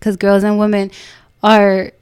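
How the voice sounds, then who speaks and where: A woman's voice: medium pitch, completely flat delivery, a little slow, darkish tone, smooth, no room sound, studio quality. A woman chatting on a podcast, talking earnestly and with feeling, laughing often and repeating words as she goes. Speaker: podcast guest, self-love brand founder. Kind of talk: casual heartfelt podcast chat.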